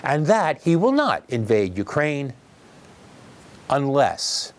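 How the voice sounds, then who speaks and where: A man's voice: mid-range voice, sing-song, slow, slight background noise. A man hosting a news commentary program, giving opinionated, wry remarks and addressing listeners directly. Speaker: commentary host.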